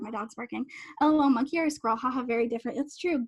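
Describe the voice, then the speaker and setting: A young adult woman with a bright, high voice hosts a live online coaching session. She talks in a quick, rambling, bubbly rush, gushing at her listeners. Her voice comes through a computer microphone on a video call. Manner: fast, rambling, bubbly and effusive. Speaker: life coach hosting a live online summit. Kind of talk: casual live-stream talk to attendees.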